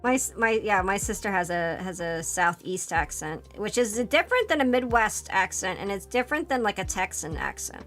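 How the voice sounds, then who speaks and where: A woman's voice: medium pitch, expressive, moderate pace, hardly any pauses, fairly bright tone. A woman with a Philadelphia accent chatting casually on a live stream, rambling and laughing often. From Pennsylvania, US.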